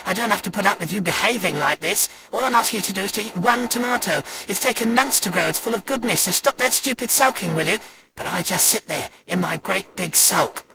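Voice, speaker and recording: A performer voicing an animatronic that grumbles and complains like a sulky child in a creaky voice. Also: mid-range voice, animated, brisk. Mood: grumbling. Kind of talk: fan voice acting of a poem. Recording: noisy hiss.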